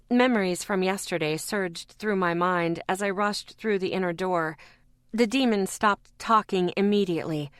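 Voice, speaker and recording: A woman narrating a first-person paranormal audiobook in a steady, measured way, close to the mic. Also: mid-range voice, no room sound.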